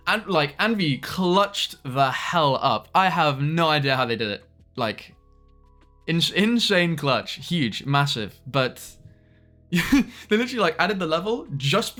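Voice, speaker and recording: A man's voice: a little high, bright, forceful tone. A young British man streaming live, chatting casually to viewers, greeting them by name, laughing often and trailing off mid-sentence.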